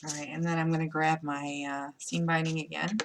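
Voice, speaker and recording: Against a noisy background, a woman speaks briskly in a deep, flat voice. She has an upstate New York accent and hosts a live crafting tutorial, playful and chatty, thinking aloud as she works through every step.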